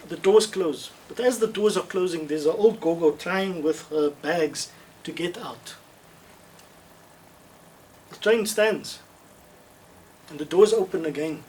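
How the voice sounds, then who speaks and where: Higher-voiced man, distant mic. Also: a little hiss or hum. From South Africa. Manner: measured, thoughtful, with frequent restarts and emphatic repetition. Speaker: webinar speaker answering questions. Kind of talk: Q&A answers in an online webinar. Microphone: video call.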